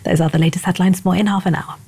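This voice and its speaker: A woman reading a scripted news bulletin in a measured, formal way. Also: fairly low pitch, steady tone, noisy background. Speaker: news reader.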